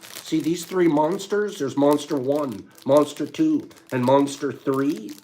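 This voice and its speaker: A man hosting a casual live stream, upbeat and reading viewer answers aloud in quick bursts. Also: a little high, dark tone, a little hiss or hum.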